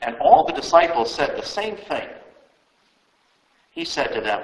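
Expressive man reading scripture aloud. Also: medium pitch. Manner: measured, expressive. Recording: roomy echo.

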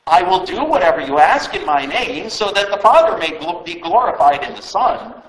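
A man's voice: high-pitched, big pitch swings, moderate pace, a bit bright. Man reading a solemn, tender teacher. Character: calm male teacher giving last words. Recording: roomy echo.

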